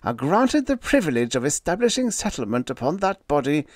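A man's voice: fairly high pitch, very animated, fairly quick, no echo, clean studio sound. A man voicing a pompous company vice president who speaks in a formal, precise, lecturing way.

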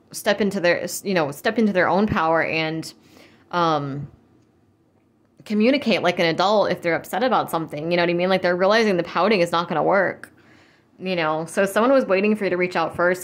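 Woman reader with a lower voice, chatty and rambling, reassuring her viewers. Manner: rambling, heavy use of "like" and "you know"; reassuring, speaks directly to viewers. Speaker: tarot and spirit-guide reader. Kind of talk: casual spiritual reading to camera.

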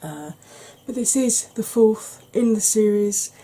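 Slow, mellow-voiced woman host. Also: on the high side, animated, husky. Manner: chatty, rambling, self-deprecating asides. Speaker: makeup channel host. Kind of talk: casual makeup tutorial chat.

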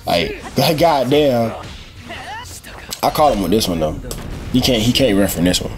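A young man giving excited, trash-talking commentary as he plays a fighting game. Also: medium pitch, unhurried. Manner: excitable trash talk, shouting at the screen. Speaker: gaming channel host. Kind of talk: live gameplay commentary. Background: game music.

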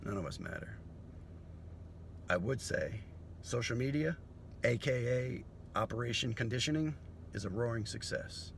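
A man's voice: mid-range voice, animated, moderate pace, vocal fry, pauses often, slight background noise. A man comedian delivering a profane, philosophical monologue.

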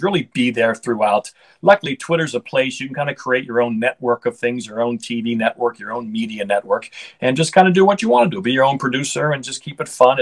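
A man's voice: mid-range voice, low-quality recording. A middle-aged man, a hockey broadcaster, chatting casually in an interview with an upbeat, rambling manner and frequent restarts.

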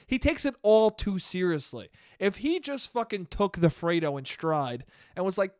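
A man's voice: sits high, fairly quick, no echo, clean studio sound. A man hosting a casual solo podcast, ranting with frequent laughter and casual swearing. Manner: laughs often, swears freely, animated. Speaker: podcast host.

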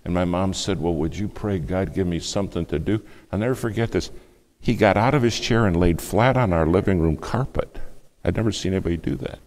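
Man, sermon storytelling, very low pitch, dramatic hushed delivery. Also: brisk. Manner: dramatic storytelling, acts out quoted speech, shifts between hushed and loud. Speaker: preacher.

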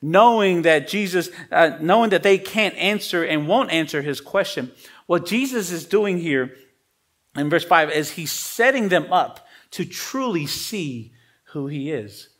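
A man preaching with a slightly higher-than-usual voice. His delivery is relaxed and conversational, with loose everyday slang. He punches key points louder and higher, then drops soft and low. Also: a little slow. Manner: swings between emphatic rises and quiet drops. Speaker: pastor. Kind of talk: sermon.

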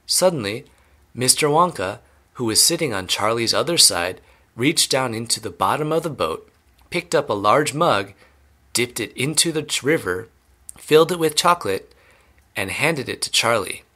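A man reading a children's novel aloud clearly and steadily, as an English teacher. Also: mid-range voice, expressive, normal speed, bright, forceful tone.

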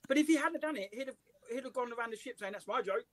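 Man, English accent, high voice, dry sound, animated storytelling. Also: fast talker, no room sound, rough recording. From England. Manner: animated anecdotes, voices and laughs. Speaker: comedian guest. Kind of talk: casual storytelling interview.

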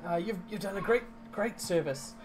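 A man's voice: sits high, moderate pace, background noise. A man narrating as game master in a casual tabletop game, rambling and correcting himself with frequent ums.

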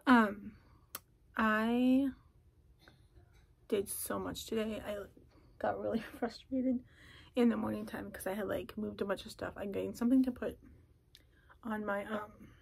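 A young woman vlogging in a casual chat from a closet at home, talking softly and often slipping into a whisper. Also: mid-range voice, vocal fry, husky. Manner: soft, often drops to a whisper.

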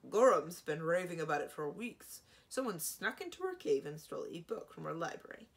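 A woman voicing a loud, huffy old male dragon in a storybook reading. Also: on the low side, big pitch swings, a little fast. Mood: blustering.

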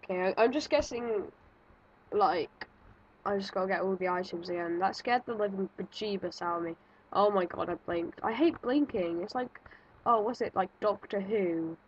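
A woman's voice: mid-range voice, normal speed, husky, highs cut off. A woman giving nervous, jumpy let's-play commentary, thinking aloud and exclaiming as she plays. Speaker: gaming video creator.

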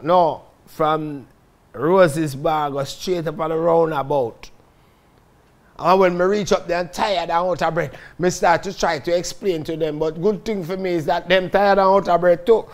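A man with a Jamaican Patois accent telling stories from his own life in a lively, dramatic way, often calling out to his listeners. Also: sits high. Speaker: storyteller recounting his life. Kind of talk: casual spoken autobiography.

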